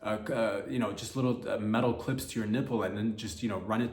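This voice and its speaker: A man hosting a comedy podcast, rambling through a loose monologue, cursing freely and jumping into mock voices and loud outbursts. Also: fairly low pitch, steady tone, fast, roomy sound.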